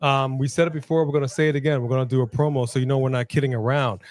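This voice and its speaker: A man's voice: mid-range voice, fairly even intonation, rapid-fire, darkish tone, no echo. A man co-hosting a casual live watch-along stream, upbeat, greeting viewers by name and hyping the chat. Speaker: livestream co-host. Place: Los Angeles.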